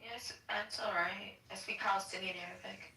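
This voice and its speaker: A woman's voice: mid-range voice, steady tone, moderate pace, gravelly, bright, forceful tone. A woman chatting casually in voice chat, amused and talkative. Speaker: voice chat participant. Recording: roomy and distant.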